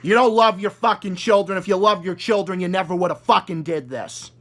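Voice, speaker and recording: Furious ranting man, high voice. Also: brisk. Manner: furious, profane, shouting insults. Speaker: video host. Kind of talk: angry rant.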